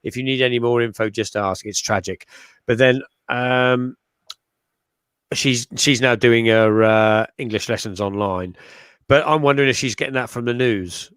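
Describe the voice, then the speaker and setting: A man taking part in a casual online chat, hesitating with lots of "uh" and restarts. His voice sits at an ordinary pitch. The mic sound is dry and close. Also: normal speed, fairly bright tone, smooth, no room sound. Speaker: panelist on a chat show. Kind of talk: casual chat, reading out a message.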